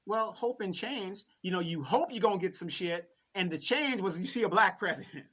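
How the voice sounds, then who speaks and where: A man's voice: high voice, moderate pace, a bit bright. A man co-hosting a political commentary chat, laid-back and agreeable, drawing out his points. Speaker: co-host.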